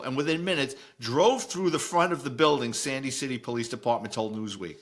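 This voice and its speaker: Bright-voiced New York man telling stories. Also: on the high side. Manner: blunt, storytelling, chuckles while reading. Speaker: podcast host, retired cop. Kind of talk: casual chat reading and commenting on news.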